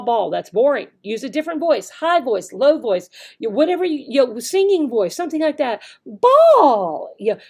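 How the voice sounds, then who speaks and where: Teaching an instructional video lesson for online English teachers, a woman with a mellow, somewhat high voice often checks in with "okay?" and demonstrates words using varied voices.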